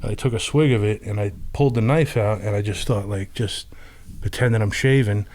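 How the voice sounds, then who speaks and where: Low-pitched veteran man, plain-spoken and halting, swears freely. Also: a little mellow. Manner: frank, loose, halting with blunt swearing. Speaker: army veteran. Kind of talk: casual storytelling.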